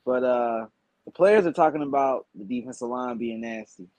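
A man guest on a podcast, giving measured sports analysis in casual chat and thinking aloud as he goes. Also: medium pitch, a little mellow, no echo, dull audio.

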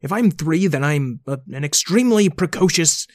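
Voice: medium pitch, expressive, normal speed, no echo, lightly acted. Earnest clever storybook boy, read by the narrator. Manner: earnest, pleading.

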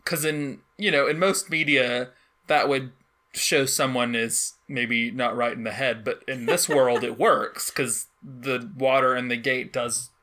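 A woman in casual conversation, animated and laughing often as she acts out quotes. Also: very deep voice, a little slow. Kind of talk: casual chat.

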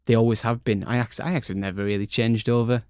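A man's voice: medium pitch, fairly even intonation, fast talker, a little mellow, clear, resonant tone, no echo, studio quality. A man chatting and joking through a football debate. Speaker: football podcast panelist. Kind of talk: casual football banter.

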